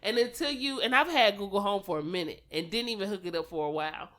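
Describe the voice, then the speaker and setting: A woman's voice: mid-range voice, fast talker, fairly bright tone. A woman co-hosting a podcast in casual chat, telling playful stories with frequent giggles. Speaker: podcast co-host.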